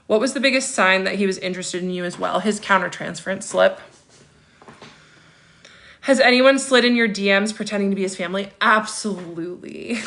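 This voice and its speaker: A woman's voice: medium pitch, normal speed, gravelly, a bit bright. A woman in her thirties hosting a casual livestream, reading viewer comments aloud and answering them with chatty asides and frequent laughs. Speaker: livestream host.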